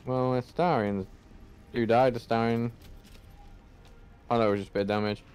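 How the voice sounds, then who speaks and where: A man's voice: medium pitch, steady tone, a little fast, pauses often, a little mellow. A man playing a video game, muttering and swearing at it as he goes. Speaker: gamer. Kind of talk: game commentary.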